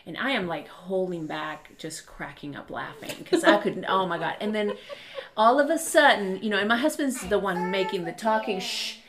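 A woman in her thirties, hosting a casual chat and telling animated family stories while laughing often. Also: medium pitch, moderate pace, crowd noise. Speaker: podcast host.

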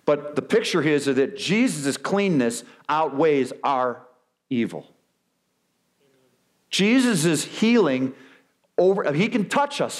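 A male pastor preaching a sermon, animated, acting out quoted excuses with big swings in his voice. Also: on the high side. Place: church sanctuary.

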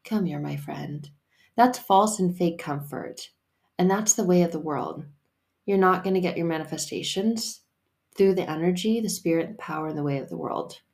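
A woman's voice: on the low side, normal speed, darkish tone. A woman hosting a solo faith podcast, talking in a casual, emphatic and playful way with the odd curse word. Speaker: podcast host and faith coach.

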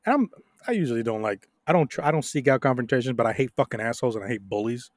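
A young adult man co-hosting a podcast, telling stories in a casual, profane, animated way with frequent laughs. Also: mid-range voice, very fast, dry recording, clean studio sound. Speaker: podcast co-host.

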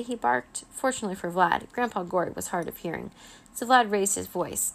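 A woman narrating a children's chapter book aloud, steady and expressive. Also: fairly low pitch, a little fast, vocal fry, a little hiss or hum. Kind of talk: children's storybook reading.

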